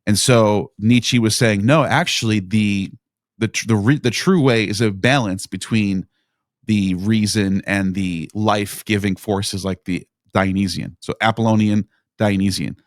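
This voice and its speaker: A man's voice: on the low side, steady tone, unhurried, dry recording, clean studio sound. A man as a podcast guest in casual discussion, thinking aloud in meandering explanations.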